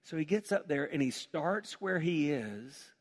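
A man's voice: on the high side, lively intonation, unhurried. A man preaching a sermon as pastor, building to emphatic calls and asking the congregation to repeat phrases.

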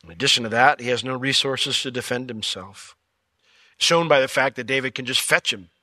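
A man preaching a sermon as pastor, telling the story with jokes and lively asides. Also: mid-range voice, brisk, dry recording. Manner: animated, joking storyteller.

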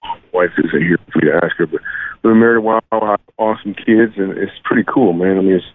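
A man in his thirties from Michigan, a comedian guest telling stories in a joking, animated way. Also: deep voice, quick pace, dry recording. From Michigan, USA. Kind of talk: phone-in radio interview. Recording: tinny phone line.

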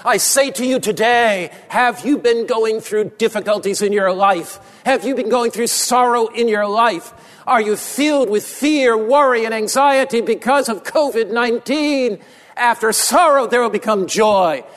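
A man preaching a sermon as pastor, with impassioned repetition and drops to a low, soft voice for emphasis. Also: measured pace, big-room sound.

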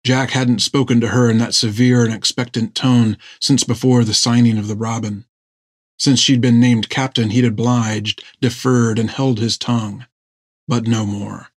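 An audiobook narrator with a medium-pitched voice reads a scripted story in a measured storytelling manner. The studio-quality recording has no room sound.

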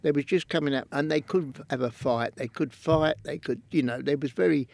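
A man's voice: a little high, brisk, creaky, a little mellow. An older man with a London Cockney accent, telling rambling anecdotes as an interview guest. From London, England. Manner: rambling anecdotes, imitates voices in quotes. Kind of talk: storytelling interview.

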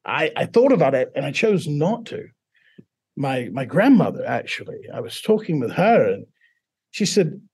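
A man from Mississippi, a teacher, telling his personal story in an interview in a relaxed, self-deprecating way. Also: a little high, normal speed, husky. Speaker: teacher and guest.

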